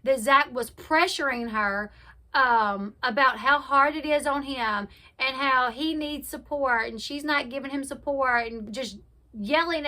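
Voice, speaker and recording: A woman's voice: high voice, pushed and bright. A young adult woman hosting casual reality TV commentary, chatty and opinionated, retelling scenes and acting out the quotes.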